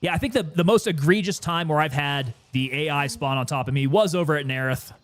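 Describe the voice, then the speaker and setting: A man casually commenting while he plays a game and chats with viewers, relaxed and sometimes winded. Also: a little high, a little fast. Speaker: gaming streamer.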